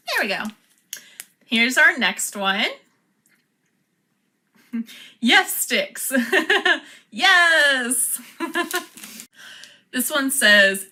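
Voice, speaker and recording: A woman's voice: on the high side, very animated, takes it slowly, long pauses, sharp tone. A woman chatting casually as she unboxes and taste-tests snacks, laughing often. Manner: chatty, laughs often, reads product cards aloud. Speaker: vlogger.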